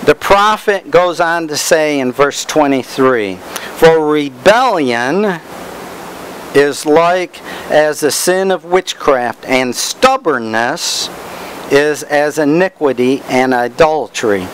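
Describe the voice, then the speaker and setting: A man's voice: on the high side, lively intonation, slow, a little hiss or hum, poor audio. A man preaching a Bible study, reading verses aloud and stressing words as he explains them.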